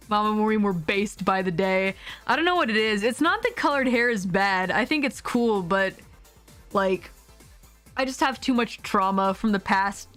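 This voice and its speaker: A woman's voice: medium pitch, fairly bright tone. A young adult woman streaming a video game, chatting casually, laughing often and speaking bluntly with some swearing.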